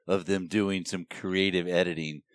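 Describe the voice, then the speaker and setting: Smooth-voiced man in dry casual chat. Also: deep voice, fairly even intonation, moderate pace, no echo. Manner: emphatic, insistent, acts out quotes. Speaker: podcast co-host and editor.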